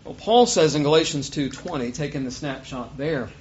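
A man's voice: on the high side, moderate pace, hardly any pauses, muffled recording. A man preaching a sermon in an earnest way, rising to emphatic peaks when he reads scripture. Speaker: pastor.

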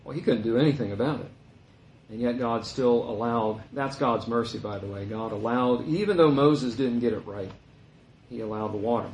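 A man giving conversational Bible teaching in an animated way, his voice jumping higher when he mimics the complainers. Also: moderate pace, slight background noise. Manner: animated, voice rising high when quoting complainers. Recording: roomy echo.

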